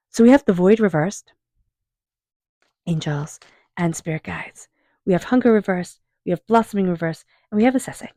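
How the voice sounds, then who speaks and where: Calm, low-voiced woman reading tarot. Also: no room sound, clean studio sound. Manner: calm, unhurried, affirming, softly repeats invocations to spirit guides. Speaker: tarot reader. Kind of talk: tarot card reading monologue.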